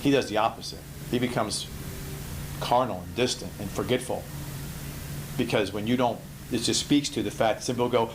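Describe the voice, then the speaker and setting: A man leading an informal Bible study, emphatic and full of rhetorical questions, swinging from low murmurs to loud bursts. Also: a little fast, background noise.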